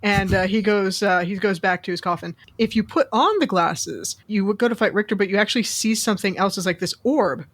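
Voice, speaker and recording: A woman's voice: medium pitch, fairly quick, few pauses, dry recording. A woman co-hosting a podcast, casually recounting a video game's ending and acting out the characters' lines as she goes. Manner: rambling storyteller, acts out characters' lines. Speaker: podcast co-host. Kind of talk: casual chat, retelling game plot.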